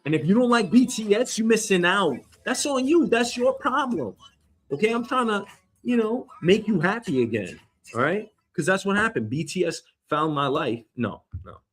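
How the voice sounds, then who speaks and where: A man's voice: high voice, sing-song, normal speed, a bit bright, breathy edge, faint music behind. A man hosting his own casual news commentary show, rambling and swearing with a swaggering, loose manner. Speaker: host.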